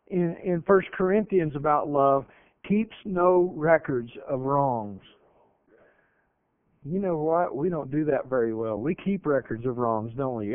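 A man preaching a sermon, emphatic, swinging between loud stresses and hushed lines and slowing down when he quotes scripture. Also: a little high, no room sound. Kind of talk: radio sermon. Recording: tinny lo-fi radio broadcast.

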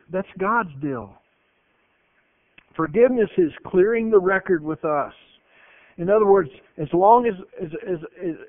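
A preaching man whose voice sits high delivers an emphatic sermon packed with animated stories. The recording is dry and thin, with a narrow, phone-style broadcast quality.

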